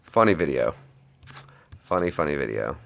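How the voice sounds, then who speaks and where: A man's voice: very deep voice, sing-song, normal speed, gravelly, a bit bright. A man chatting casually to viewers on a live stream, rambling with lots of restarts.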